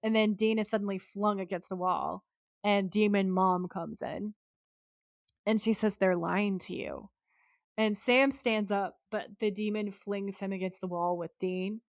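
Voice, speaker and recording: Brief: woman podcast co-host, mid-pitched, chatty recap of scenes, close dry mic. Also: steady tone, a little slow, dry recording. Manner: recounts scenes at length, acting out the lines she quotes. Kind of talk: casual episode recap chat.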